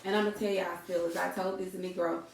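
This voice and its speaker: A woman co-hosting a podcast, telling stories in a casual, animated way and calling her listeners y'all. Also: lowish voice, fast talker, very noisy. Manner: animated, laughs often, addresses listeners as y'all. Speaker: podcast co-host. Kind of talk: casual storytelling chat. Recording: echoey room, distant mic.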